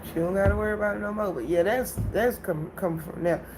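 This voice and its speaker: Animated woman telling a livestream story. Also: medium pitch, a little fast, noisy background. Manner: animated, laughs often, addresses viewers directly. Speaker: livestream host.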